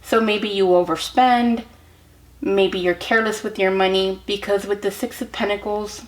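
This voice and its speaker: A woman reading tarot cards for her viewers in a soft, encouraging way. Her voice sits in a middle register, and she often stops to restart a phrase or to check in with a quick "okay?". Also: medium pitch, steady tone, low-quality recording. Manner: gentle and encouraging, many ums and restarts; speaks directly to the viewer with frequent "okay?". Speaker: tarot card reader. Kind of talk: pick-a-card tarot reading to camera.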